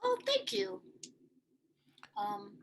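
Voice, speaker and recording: A woman's voice: very high-pitched, huge pitch swings, very slow, gravelly. A woman playing in a tabletop role-playing game, asking hesitant rules questions in casual chat. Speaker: player.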